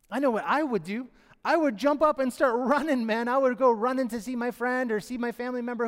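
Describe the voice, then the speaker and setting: A man preaching a sermon who acts out the pleading voices of the characters in his story. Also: very high voice. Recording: long hall reverb.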